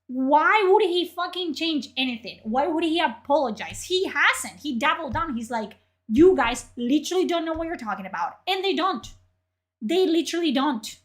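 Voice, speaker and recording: A woman streamer ranting in profane, exasperated commentary, her voice strained from yelling. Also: sits high.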